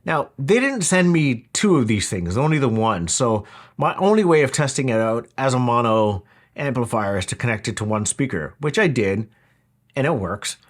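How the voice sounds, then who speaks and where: A man's voice: medium pitch, big pitch swings, normal speed. A man talking through a product review in a casual, wry, conversational way. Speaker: audio equipment reviewer.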